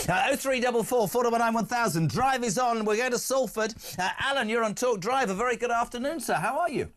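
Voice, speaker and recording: A man's voice: sits high, lively intonation, brisk, hardly any pauses, a bit bright. A man hosting a radio phone-in, brash, jokey and opinionated. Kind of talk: lively radio phone-in chat.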